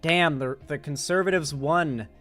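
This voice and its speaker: A man's voice: fairly high pitch, a little slow, fairly bright tone, faint music behind. A young man hosting a political stream, reading chat and rambling casually with restarts.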